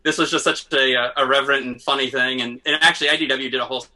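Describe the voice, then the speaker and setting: A man with a very bright, sharp voice joins a casual podcast chat over a remote mic. He is chatty and self-deprecating, a comic artist who laughs easily. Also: mid-range voice, fairly even intonation, racing.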